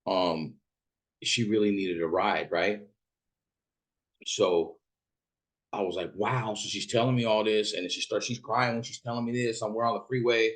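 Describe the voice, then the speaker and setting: A man's voice: on the low side, fairly even intonation. A man who drives for a rideshare app tells a story in a rambling, casual way, swearing freely. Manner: rambling and profane, quick asides.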